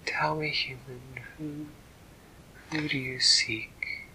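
A man voicing a gentle, sorrowful female mermaid in a soft, formal whisper, as whispered role-play. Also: on the high side, flat delivery, slow pace, slight background noise, pitched above the performer's own voice, full character voice, poor audio. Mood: curious.

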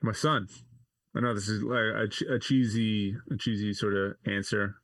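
A man's voice: lowish voice, steady tone, normal speed, fairly bright tone, dry recording. A man, likely in his thirties, as a podcast guest telling personal stories in a rambling way, with many "like" fillers and restarts. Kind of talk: casual interview storytelling.

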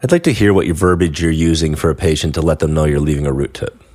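A man's voice: very deep voice, fast talker, darkish tone. A man who is a dentist co-hosting the talk, asking questions and cracking jokes in a casual chat. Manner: joking, wisecracking questions. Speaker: dentist co-host. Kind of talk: casual clinical discussion.

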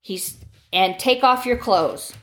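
A woman's voice: mid-range voice, takes it slowly, lightly acted. A woman voicing a crude, mocking adult male kidnapper while reading aloud.

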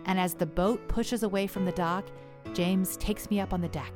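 A woman earnestly narrating a personal story in a measured way. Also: medium pitch, steady tone, over music.

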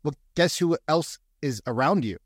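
Profane, animated man telling stories. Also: a little high, normal speed, dry recording, clean studio sound. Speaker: real estate agent, podcast guest. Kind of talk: casual podcast chat.

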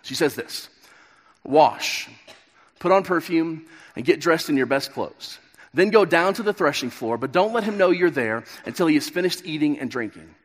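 A man in his thirties giving a sermon, retelling a story and acting out the characters' lines. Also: a little high. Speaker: pastor. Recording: long reverb of a large hall.

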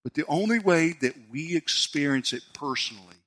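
A man, preaching a sermon as a pastor and telling a personal story with animated delivery. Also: normal speed. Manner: storytelling, animated, voice rising high when excited.

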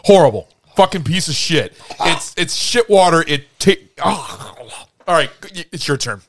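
A man's voice: on the high side, lively intonation, moderate pace, background noise. A man co-hosting a podcast, complaining bluntly and swearing in casual chat. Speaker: podcast co-host.

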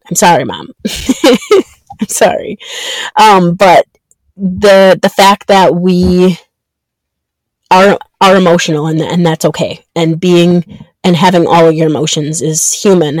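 A woman in her thirties hosting her own podcast, talking earnestly and haltingly with many ums and restarts. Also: on the low side, darkish tone, no echo. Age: 30s. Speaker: podcast host. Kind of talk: reflective solo podcast monologue.

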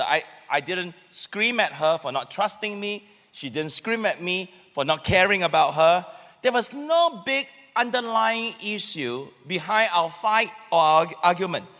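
A male pastor gives a conversational sermon in a high, bright voice, calling out for the congregation to respond. His words carry across a church hall with long reverb.

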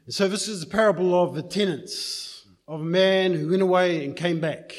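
A man's voice: high-pitched, moderate pace. A man preaching a sermon, telling a story in a loose, conversational way before praying and reading scripture.

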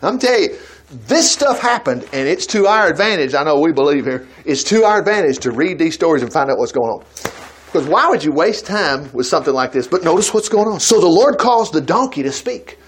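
A man's voice: on the high side, very animated, fairly quick, husky. A man preaching a sermon at a church service, retelling a Bible story with folksy asides and laughter.

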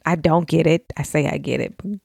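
A middle-aged woman hosts her own podcast, speaking to fellow mothers with raw, heartfelt emotion. Her voice sits low with a gravelly edge. The sound is close and dry, with no room around it. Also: steady tone, fairly quick, a little mellow, no room sound. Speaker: podcast host. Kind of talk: heartfelt casual talk to listeners.

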